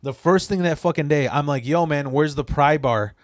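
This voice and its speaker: A man's voice: fairly high pitch, moderate pace, dry recording, studio quality. Profane rambling male storyteller. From Chicago area. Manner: profane, rambling with many restarts. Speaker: podcast guest. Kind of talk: casual storytelling.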